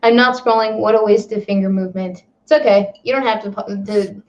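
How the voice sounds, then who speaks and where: A woman co-hosts a casual livestream chat, quick with teasing banter and often laughing. Her audio sounds slightly dull and lo-fi. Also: medium pitch, steady tone, darkish tone. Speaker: co-host.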